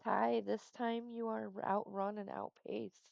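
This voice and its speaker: A woman's voice: mid-range voice, level tone, measured pace, gravelly, no echo. A woman running a tabletop game as dungeon master, patiently explaining the rules step by step. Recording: dull lo-fi dry sound.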